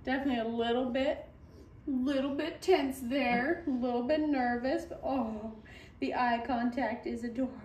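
A woman's voice: high-pitched, normal speed, darkish tone. Woman, dog breeder, baby talk to a puppy, echoey room, heard from a distance. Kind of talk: casual commentary while handling a puppy.

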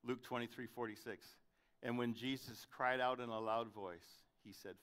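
Male pastor, bright and forceful tone, dramatic sermon delivery, loud peaks and quiet stretches. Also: fairly even intonation, a little slow. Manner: dramatic, swings from loud questions to soft low delivery.

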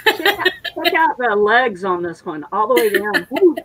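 A woman's voice: mid-range voice, very animated, normal speed, fairly bright tone, no echo, low-quality recording. A woman co-hosting a casual livestream, chatty and jokey, telling stories. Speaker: co-host.

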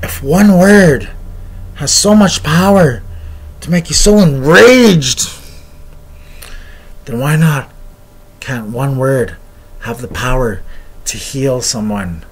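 A man's voice: high voice, animated, slow pace, vocal fry, husky, full character voice. A man playing an old elder and healer. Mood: gentle. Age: older. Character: old male elder and healer, stern then gentle.

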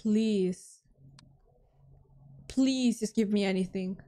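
A woman's voice: medium pitch, takes it slowly, dark tone. A young woman streamer talking to herself through a horror game, jumpy and pleading, then joking at her own expense. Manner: jumpy, talks to herself, pleading and self-mocking. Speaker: VTuber streamer.

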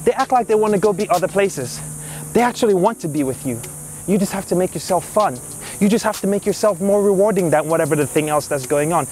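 A man's voice: high voice, animated, fast, darkish tone, a little hiss or hum. A man who trains dogs, talking in a casual, upbeat way outdoors in a park. He explains his methods and turns often to praise and direct his dog. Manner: upbeat, talks to the dog in bursts between explanations. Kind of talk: casual instructional vlog.

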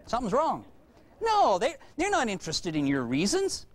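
A man lecturing parents in a humorous, animated way, acting out bits of dialogue between parent and child. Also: high-pitched, moderate pace.

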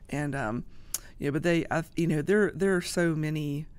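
A woman guest on a podcast, talking in a casual, halting way with many restarts. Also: low voice, darkish tone, clear, resonant tone, no room sound. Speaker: guest, social media creator. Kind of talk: casual interview talk.

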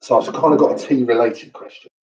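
Brisk and darkish in tone, this mid-range male voice keeps a fairly even intonation. He's a host and trainer from London running a casual online session, joking around with lots of fillers; the audio is dull, echoey and distant-miked.

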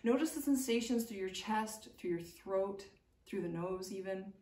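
A woman teaching a family yoga class, guiding the breathing and stretches in a calm, gentle voice. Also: medium pitch, moderate pace. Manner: calm, gentle, soothing guidance with light laughs. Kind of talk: guided yoga instruction. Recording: echoey room, mic at a distance.

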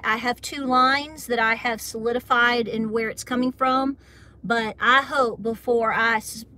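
Middle-aged woman, Appalachian accent, high bright voice, chatty and giggly livestream host. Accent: Southern American, Appalachian. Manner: chatty, giggly, drawn-out Southern phrasing. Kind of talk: casual livestream chat with viewers.

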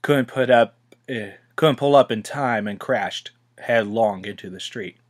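A man narrating a storybook in an unhurried reading voice, with a few small slips. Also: medium pitch. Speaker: storybook reader.

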